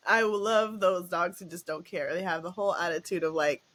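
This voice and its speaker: A woman hosting a podcast in casual chat, telling stories in an animated way and laughing often. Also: on the low side, measured pace, slight background noise. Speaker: podcast host.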